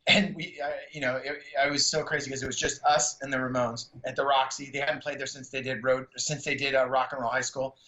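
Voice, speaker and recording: A man's voice: mid-range voice, flat delivery, fairly quick, hardly any pauses, sharp tone. A middle-aged man from the San Francisco Bay Area, a stand-up comedian guesting on an interview. He tells stories in casual slang and acts out other people's lines with a raised voice. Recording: echoey room, slightly dull sound.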